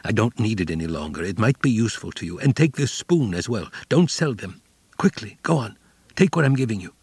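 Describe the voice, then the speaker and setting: A man voicing a weary, frightened father who speaks quietly and urgently to his son. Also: lowish voice, very animated, fairly quick, slightly rough, no echo, exaggerated voice. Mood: hushed urgent. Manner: quiet, breathless, pressing.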